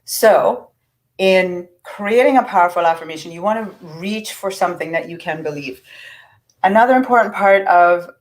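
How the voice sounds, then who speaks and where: A woman's voice: fairly low pitch, normal speed, low-quality recording. A middle-aged woman giving a casual, earnest teaching talk on affirmations. She is encouraging and often restarts her sentences.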